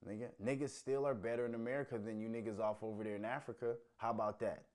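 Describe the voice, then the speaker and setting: A man with a low-pitched voice hosting a ranting commentary stream. He talks in a heated, profane way, jumping between loud bursts and muttered asides. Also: level tone, fast. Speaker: host.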